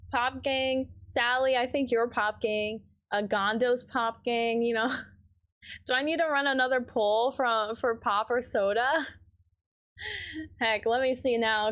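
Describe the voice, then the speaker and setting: Young Midwestern woman, game streamer, rambly casual chat, a bit high-voiced. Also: fairly bright tone. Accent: Midwestern American. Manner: rambling, filler-heavy, reads chat aloud. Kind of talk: casual chat while gaming.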